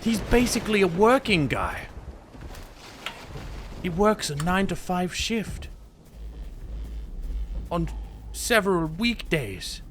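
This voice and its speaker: A man's voice: high voice, slight background noise. A man giving jumpy, exclamatory commentary while playing a horror game, talking to himself as he goes. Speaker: gamer.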